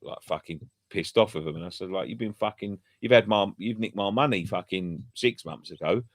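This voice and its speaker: A man's voice: fairly low pitch, a little fast, no room sound, clean studio sound. A man chatting casually on a fan channel, telling sweary, rambling stories full of restarts. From England. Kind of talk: casual pub chat.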